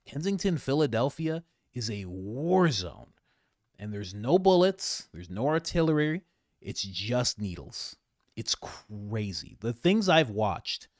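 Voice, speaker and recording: A male podcast host talking through current events in casual commentary. He sounds animated and exasperated, his pitch swinging widely, in a dry, close recording. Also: no room sound.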